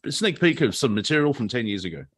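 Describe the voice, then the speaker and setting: A man's voice: mid-range voice, big pitch swings, quick pace, a bit bright, breathy edge. A man, co-hosting a comedy chat on a video call and telling rambling jokes and stories. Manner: rambling, joking storyteller. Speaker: comedian co-host.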